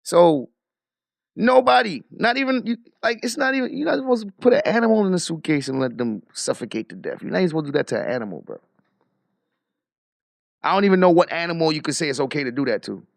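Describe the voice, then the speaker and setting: A man hosting a livestream, giving animated, emphatic casual commentary with frequent restarts. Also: a little high, fast talker, gravelly, dry recording, studio quality. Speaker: livestream host. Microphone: headset or desk mic.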